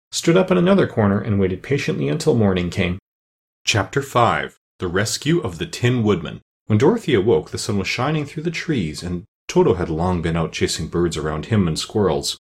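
A man narrating a children's storybook in a steady, even reading voice. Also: on the low side, fairly quick, creaky. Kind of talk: audiobook narration.

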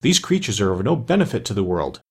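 A prince of a small immortal race speaks with firm resolve, as a male storyteller puts him on. His tone is low and husky. He sounds decided and grave. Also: big pitch swings, fast, darkish tone. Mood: resolute.

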